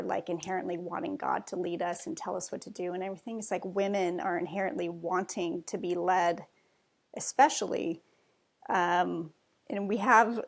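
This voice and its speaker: A woman speaks as a podcast guest in loose, rambling conversation, full of fillers. Her voice sits in a middle pitch with a gravelly fry under it. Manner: chatty, rambling with many fillers. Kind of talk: casual conversation.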